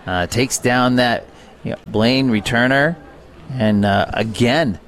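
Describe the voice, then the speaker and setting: A man's voice: mid-range voice, slow, fairly bright tone, a little hiss or hum. Chatty male color commentator. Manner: chatty, many fillers like you know and uh. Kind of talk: radio sports color commentary.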